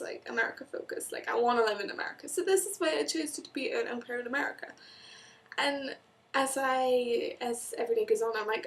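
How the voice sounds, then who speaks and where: A young Welsh woman talks casually to camera, her voice sitting a little high. She chats on, slipping into quick quoted asides and restarting her sentences as she goes. She sounds slightly distant from the microphone. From Wales. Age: young adult. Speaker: vlogger. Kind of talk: casual vlog monologue.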